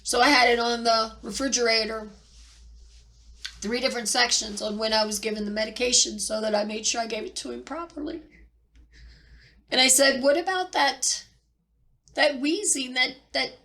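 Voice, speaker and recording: A middle-aged woman telling a personal story near tears, halting and repeating herself with pauses. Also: fairly high pitch, sharp tone. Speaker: vlogger sharing personal loss. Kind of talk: tearful personal account.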